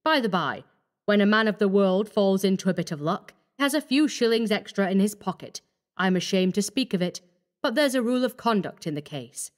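A woman voicing a cold, scheming young male doctor who talks calmly and menacingly. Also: medium pitch, fairly quick, close to an everyday voice. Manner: calm, coaxing, menacing.

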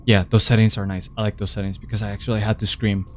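A man's voice: lowish voice, flat delivery, quick pace, a little hiss or hum. Jumpy, swearing young man playing horror. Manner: jumpy, swears a lot, easily startled; rambling, self-mocking venting. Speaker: gaming video creator. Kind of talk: horror game commentary.

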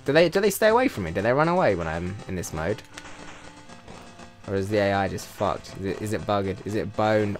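A man with a British accent giving sarcastic, profanity-laced commentary while playing a video game, often breaking into loud excited yelps. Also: fairly low pitch, brisk, faint music behind. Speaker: let's play host. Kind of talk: casual gameplay commentary.

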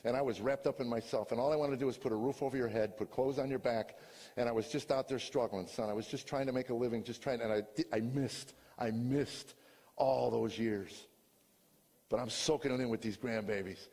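An older man, a comedian, giving a personal testimony in a storytelling way, dropping to quiet talk and rising to shouts. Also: mid-range voice, steady tone, fast talker, long reverb tail. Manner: storytelling, swings from hushed to shouting.

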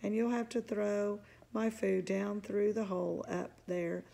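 This is a fearless, playful little girl in a children's storybook. Her voice is lively and teasing, with a gravelly, husky grain and a mellow darkness, as a woman reading the book puts her on. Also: mid-range voice, unhurried.

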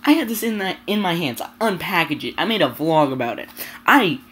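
A woman's voice: fairly low pitch, sing-song, brisk, fairly bright tone, slight background noise. A young woman vlogger ranting to camera, sweary and exasperated, stumbling over her words. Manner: sweary, exasperated, stammering restarts. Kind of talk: angry rant to camera.

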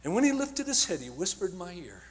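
A man preaching at a conference, telling stories with passion, shouting at times and dropping to a hush at others. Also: sits high, big pitch swings, fast. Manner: impassioned storytelling, swinging from shouts to hushed tones. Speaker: evangelist speaker. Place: large conference hall. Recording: long hall reverb.

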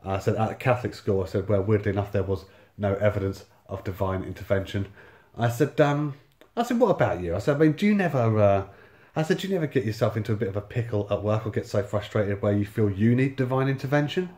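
A man's voice: on the low side, animated, quick pace, darkish tone, echoey room. A man in his thirties telling a personal story in a sardonic, sweary way, full of reported speech. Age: 30s. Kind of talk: casual storytelling monologue.

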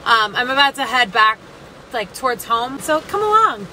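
Bright, profane young woman vlogging from her car. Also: fairly high pitch, sing-song, normal speed, slight background noise, poor audio. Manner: profane, chatty and self-mocking. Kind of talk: casual day-in-the-life vlog.

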